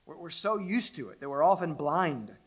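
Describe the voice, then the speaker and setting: Emphatic preacher trailing to near-whispers. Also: male voice, on the high side, animated, moderate pace. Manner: emphatic preaching, repeats words, drops to near-whisper at phrase ends. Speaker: pastor. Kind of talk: sermon.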